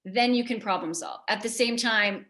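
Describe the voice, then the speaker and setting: A woman's voice: mid-range voice, moderate pace, a bit bright. American woman giving a chatty motivational talk. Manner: conversational, asks the audience questions, jokes. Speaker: keynote speaker. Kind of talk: motivational talk to a live audience.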